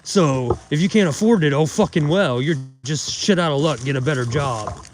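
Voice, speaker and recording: High-voiced man ranting profanely outdoors. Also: moderate pace, slight background noise. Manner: profane, mocking, indignant rant. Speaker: outdoors channel host. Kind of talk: casual ranting vlog. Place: outdoors in the woods.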